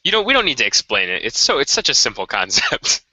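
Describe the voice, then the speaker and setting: A man's voice: medium pitch, wildly swooping pitch, fast talker, pushed and bright, no room sound. A young man co-hosting a casual web show, rambling and correcting himself as he plans what to say. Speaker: co-host. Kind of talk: casual unscripted planning chat.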